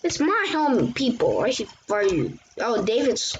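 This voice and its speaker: A woman's voice: a little high, huge pitch swings, a little slow. A woman chatting casually and exclaiming as she hosts gameplay commentary for her channel. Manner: chatty, exclaiming and reacting to the game. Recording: muffled lo-fi recording with faint hiss.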